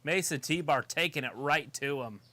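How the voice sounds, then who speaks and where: A man's voice: on the high side, moderate pace, sharp tone, dry recording. A man co-hosting a live wrestling watch-along, chatting casually, joking and calling the action. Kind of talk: casual live commentary chat.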